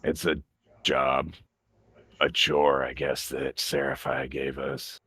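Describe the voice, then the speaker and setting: A man playing a tabletop game, talking in a casual, deadpan way. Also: rumbling low, slow pace, breathy edge, no room sound. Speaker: player. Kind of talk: in-character tabletop chat.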